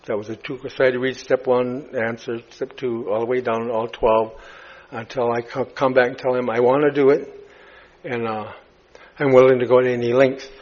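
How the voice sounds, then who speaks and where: A man speaking at a recovery meeting, telling his story in a halting way, full of fillers and restarts. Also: medium pitch, flat delivery. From United States. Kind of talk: personal recovery story told to a crowd. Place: retreat meeting hall. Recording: dull lo-fi talk recording.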